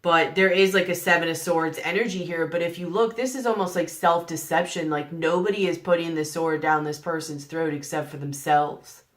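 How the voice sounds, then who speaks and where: Low-voiced woman giving a tarot reading. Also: steady tone, moderate pace, few pauses. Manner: earnest, coaxing, full of rhetorical questions. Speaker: tarot reader. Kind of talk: general tarot reading to camera.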